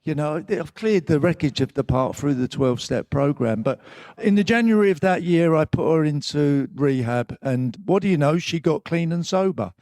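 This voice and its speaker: A man's voice: on the high side, normal speed, few pauses, a little mellow, no room sound. An older man from England, a guest at a live event, telling his story in a candid, rambling way with swearing, emotional at times. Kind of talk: live stage conversation.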